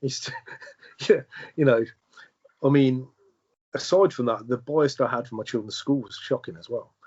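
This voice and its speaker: A man, a podcast guest, telling a personal story in a halting way, with many restarts and repeated words. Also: medium pitch, a little mellow, breathy edge, dull audio. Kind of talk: conversational storytelling.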